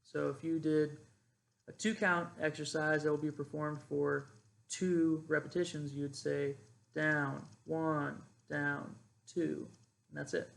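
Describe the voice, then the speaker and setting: Young male cadet teaching drill calls; somewhat high, gravelly, easygoing delivery. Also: level tone, takes it slowly. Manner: demonstrates loud drill cadence calls between casual explanation. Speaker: ROTC cadet instructor. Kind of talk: informal instructional explanation.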